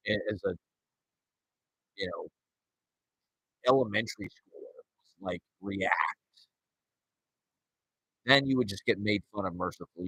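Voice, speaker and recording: A man's voice: lowish voice, a little slow, pauses often, a bit bright, husky, no echo, poor audio. A man in his forties rambling and ranting sarcastically and profanely as he hosts his show solo. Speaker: podcast host. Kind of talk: solo casual rant.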